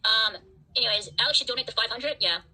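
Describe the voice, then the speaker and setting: A woman's voice: on the high side, fast talker, sharp tone, rough recording. A woman hosting a livestream, ranting at her chat in an angry, profane, defiant way. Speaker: livestream host.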